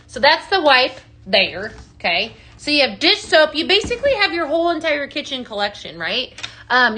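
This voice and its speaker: A woman hosts a live sales stream, her voice bright and forward with a slightly high pitch. She rambles cheerfully through product details, full of fillers and asides. She keeps breaking off to greet and answer viewers by name. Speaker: host of a live product sale. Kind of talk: chatty live-stream selling.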